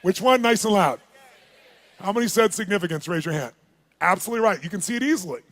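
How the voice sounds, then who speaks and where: Brief: a man with a high voice, a seminar speaker who tells a story with energy and gets the room to answer. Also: racing. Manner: animated, calls on the audience, acts out dialogue. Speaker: motivational speaker.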